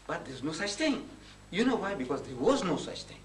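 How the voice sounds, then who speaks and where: A man giving a public lecture, telling stories and acting out conversations in lively voices. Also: fairly high pitch, fairly quick. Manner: animated, acts out conversations with shifting voices. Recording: echoey hall, heard from a distance, faint hiss.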